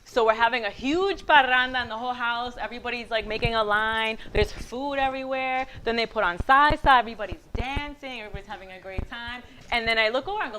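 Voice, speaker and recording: Bright, animated woman guest speaker. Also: fairly high pitch, quick pace, hardly any pauses, a little hiss or hum. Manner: animated, laughing, acts out quotes. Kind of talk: motivational talk with stories. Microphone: handheld mic.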